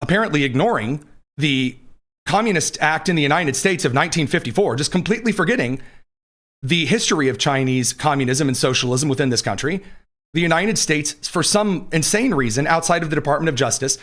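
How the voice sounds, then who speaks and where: A man's voice: on the high side, expressive, a little fast, a bit bright. A man hosting a live political commentary show from a studio, combative and sarcastic, reading news quotes aloud between his own remarks.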